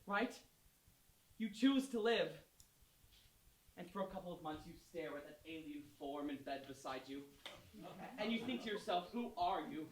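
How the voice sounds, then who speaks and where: An actor playing a musical fan who chats to the audience, growing into a shouting rant about his marriage, on a school stage. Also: high-pitched, far from the mic. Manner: chatty, confiding, building to shouting rant. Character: man obsessed with a cast record, bitter about his marriage. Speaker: narrator character, musical fan. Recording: roomy stage sound from afar, faint noise.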